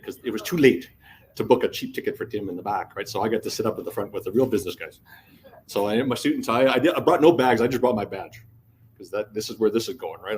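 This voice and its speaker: Man telling a lively conference story. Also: on the low side, a little hiss or hum. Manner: casual, animated storytelling with acted-out quotes and swearing. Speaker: conference speaker. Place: conference hall.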